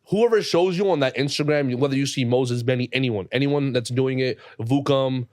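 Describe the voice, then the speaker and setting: A young man in his twenties, a jeweler talking casually on a podcast in rapid, profane street slang. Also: medium pitch, darkish tone, no room sound, studio quality. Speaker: jeweler guest.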